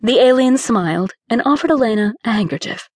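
A woman reading a romance novel aloud as audiobook narrator, with steady storytelling that lifts on key words. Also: fairly high pitch, brisk, no echo, clean studio sound. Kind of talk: scripted narration.

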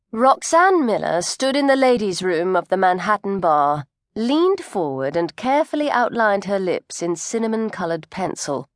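A woman's voice: mid-range voice, very animated, moderate pace, no echo. Woman narrating a novel in a dry studio. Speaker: audiobook narrator. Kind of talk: scripted narration.

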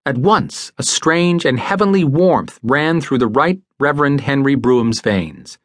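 A man narrating a classic novel as an audiobook, measured and expressive. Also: medium pitch, dry recording, clean studio sound.

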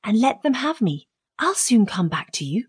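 A woman's voice: on the high side, very animated, normal speed, slightly rough, dry recording, clean studio sound, pitched above the performer's own voice, exaggerated voice. A woman playing a tiny cheeky boy. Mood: perky. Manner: perky, mischievous. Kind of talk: audiobook character reading.

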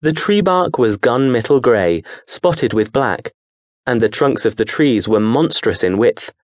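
A man narrating an audiobook in a measured, steady storytelling manner. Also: medium pitch, no echo, clean studio sound.

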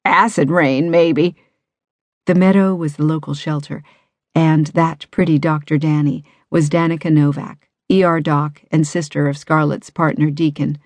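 A woman reading a suspense novel aloud in measured, even narration. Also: sits low, no room sound. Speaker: audiobook narrator. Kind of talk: scripted audiobook narration.

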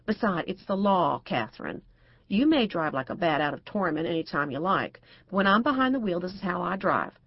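A woman's voice: lowish voice, lively intonation, brisk, husky, dry recording, lo-fi sound. A woman narrator voicing a prim, cautious middle-aged housewife who speaks properly and frets. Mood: prim, fretful. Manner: proper and fretful.

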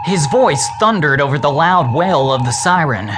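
A man narrating a children's book as an audiobook in a slow, measured reading. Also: a little high. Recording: loud steady hiss.

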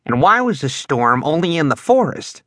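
A man voicing a feisty, jumpy schoolboy in a children's audiobook, sharp and insistent. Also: on the high side, big pitch swings, normal speed, no echo, clean studio sound, full character voice. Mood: puzzled. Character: feisty boy, jumpy and quick to punch.

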